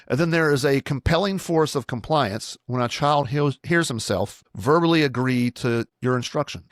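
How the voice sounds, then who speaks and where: A man's voice: medium pitch, no echo, clean studio sound. A man, a pastor, teaching parents on his own podcast in a plain-spoken, instructive way and repeating his key points.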